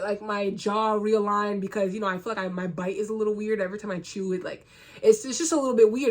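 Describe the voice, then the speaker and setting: A woman's voice: on the high side, fairly bright tone. Young US woman, vlogger; blunt, sweary, sarcastic rant to camera. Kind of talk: casual ranting monologue to camera.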